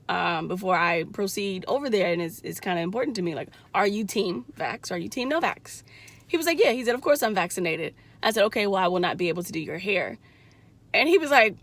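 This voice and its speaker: A woman's voice: mid-range voice, no echo. A young adult woman casually telling her viewers a story, blunt and profane, acting out the voices in what was said. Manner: blunt, profane, animated retelling with quoted voices. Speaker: vlogger.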